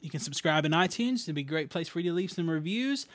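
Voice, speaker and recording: A man's voice: fairly high pitch, expressive, quick pace, a bit bright, dry recording. A man hosting a podcast in a casual, rambling way with many ums and restarts, reading out listener mail. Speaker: podcast host.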